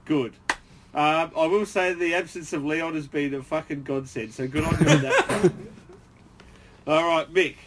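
A man roasts his podcast mates in a somewhat high voice, swearing and breaking into laughter as he goes. Background noise sits clearly under the recording. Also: a little slow, pauses often. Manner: swearing, teasing, laughing often. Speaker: podcast co-host. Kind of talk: casual roasting banter.

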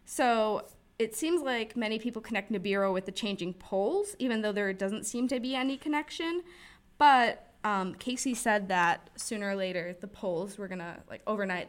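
A woman hosting a casual talk, explaining at length in a rambling way with frequent fillers and restarts. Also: mid-range voice. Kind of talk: casual chat.

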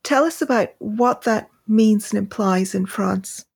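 A woman's voice: mid-range voice, a little slow, creaky, a little mellow, slightly rough. A woman hosting a podcast interview, talking casually and hesitantly with many ums and restarts. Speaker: podcast host; freelance translator.

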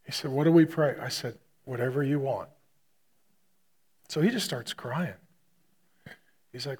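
A male pastor preaching, retelling a hospital story with loud punchy bursts that drop to a quiet hush. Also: mid-range voice, a little slow, long pauses, husky. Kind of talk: sermon storytelling.

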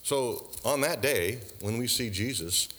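A man preaching with a lively, rising and falling pitch, tossing rhetorical questions to his listeners. His voice carries a long reverb, as in a large church hall. His delivery is earnest and mixed with dry humor. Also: measured pace, slight background noise. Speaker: pastor. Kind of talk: sermon.

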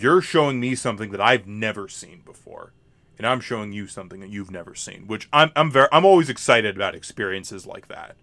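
A man co-hosting a movie podcast, chatting casually and pitching listener questions. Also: animated, fairly quick, a bit bright, dry recording. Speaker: podcast co-host. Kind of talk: casual chat.

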